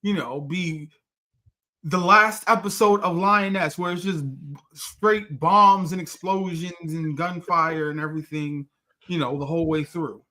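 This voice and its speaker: Co-host, casual review chat, questioning, pushing back, mid-pitched voice. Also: fairly even intonation, unhurried, pushed and bright.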